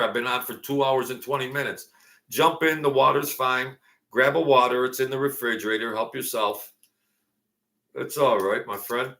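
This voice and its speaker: Sharp in tone and mid-range in pitch, a middle-aged man keeps a moderate pace while hosting a casual late-night livestream from home. He drifts through jokes and old memories, peppering everything with fillers.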